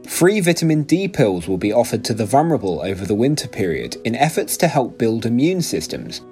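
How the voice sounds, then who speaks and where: A man hosting a comedy news podcast, reading scripted headlines with deadpan punchlines. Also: mid-range voice, a little fast, faint music behind.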